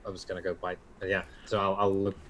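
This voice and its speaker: A man's voice: deep voice, monotone, fairly bright tone, a little hiss or hum. Hesitant man playing a tabletop game. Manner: hesitant, halting restarts. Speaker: player. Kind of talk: in-character tabletop play.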